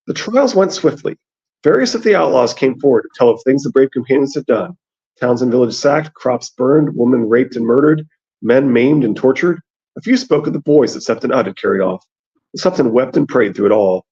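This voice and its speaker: Raspy, gravelly male host reading aloud and discussing; lo-fi. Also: medium pitch, expressive, brisk, a little mellow. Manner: reads aloud, then chats about the text. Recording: dull lo-fi sound.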